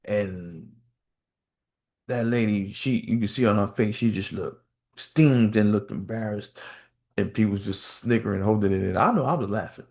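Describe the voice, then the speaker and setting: A male podcast host telling a story in a casual, animated rant, repeating phrases and acting out quotes. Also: fairly low pitch, moderate pace. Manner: animated storytelling with lots of repetition and acted-out quotes.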